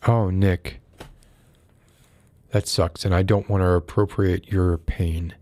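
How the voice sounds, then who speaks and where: Deep-voiced man rambling on a livestream. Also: level tone, slow pace, long pauses, warm tone, no echo. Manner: rambling, self-interrupting, greets chat viewers. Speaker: livestream host reading philosophy. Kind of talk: casual livestream reading and chat.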